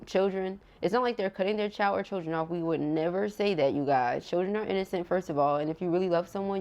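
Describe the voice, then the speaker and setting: A woman's voice: sits low, a little mellow, slight background noise. A woman giving a casual tarot reading to camera, chatty and emotional, laughing often and talking straight to her viewers, with features. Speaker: tarot reader.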